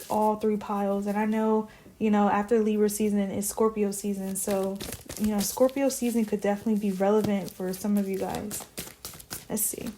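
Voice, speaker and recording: Woman, tarot reader, warm mellow tone, relaxed chatty musing delivery. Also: medium pitch. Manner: musing, chatty, drifts into soft whispers when drawing cards. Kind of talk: casual tarot reading.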